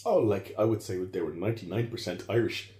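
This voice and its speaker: A man's voice: lowish voice, fast, warm tone, echoey room. A man explaining history in conversation, rambling and correcting himself as he goes. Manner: rambling, self-correcting, digressive. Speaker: historian guest.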